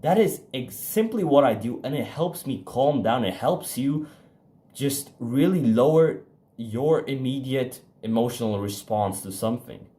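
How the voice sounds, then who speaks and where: In a mid-range, animated voice with a dark tone, a young self-improvement vlogger gives an offhand motivational talk to camera. He's blunt and foul-mouthed, meandering with restarts and fillers, and leans on emphasis by varying his speed.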